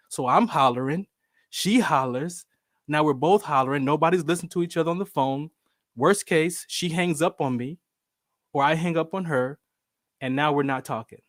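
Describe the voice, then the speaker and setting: A man telling stories in a casual interview, lively and acting out the voices of the people he quotes. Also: on the high side, no room sound, clean studio sound. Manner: animated, acts out quoted voices. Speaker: show host, veteran.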